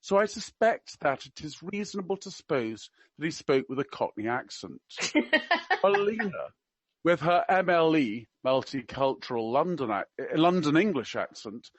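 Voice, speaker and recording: A man with a slight RP accent reading a prepared commentary in a measured, wry, deliberate way. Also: on the high side, big pitch swings, dry recording. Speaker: podcast regular.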